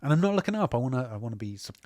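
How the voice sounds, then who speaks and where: A man co-hosting a podcast, relaxed and joking as he floats theories. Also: mid-range voice, racing, dry recording. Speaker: podcast co-host. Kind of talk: casual chat.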